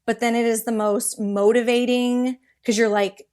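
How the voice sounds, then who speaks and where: A woman in her thirties, a podcast guest, telling animated, rambling stories with quick restarts. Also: a little high, smooth. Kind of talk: casual interview storytelling.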